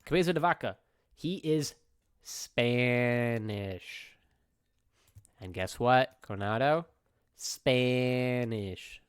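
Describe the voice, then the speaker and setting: Young teacher dude, laid back, mid voice, repeats stuff and says okay a lot. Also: male voice, medium pitch, extremely slow, pauses often, smooth. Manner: casual, repeats points and checks in with "okay?". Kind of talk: recorded classroom review lecture.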